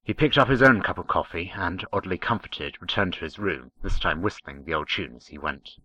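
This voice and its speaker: A man reading fan fiction aloud, narrating in a measured, expressive way. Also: sits low, slightly rough, no echo, rough recording. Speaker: story reader.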